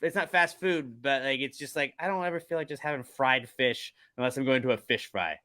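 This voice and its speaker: Bright, dry-sounding young guy. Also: mid-range voice, brisk, no echo. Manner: easygoing, slangy, acts out friends' lines. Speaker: podcast guest. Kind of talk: casual chat.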